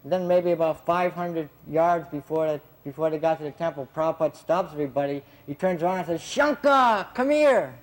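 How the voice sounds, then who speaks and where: A man's voice: on the high side, fairly even intonation, quick pace, few pauses, darkish tone, low-quality recording. A man casually recounting stories from his years as a gardener, chatty and laughing often, with plenty of fillers. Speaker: devotee recalling his time as a gardener. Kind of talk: casual anecdotal storytelling.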